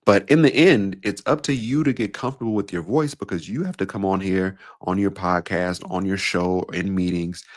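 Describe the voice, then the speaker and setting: A very low-voiced man in his thirties hosts his own podcast as a speaking coach. He talks in a relaxed, conversational way and slips playfully into the voices of the people he quotes. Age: 30s. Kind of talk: casual solo podcast talk.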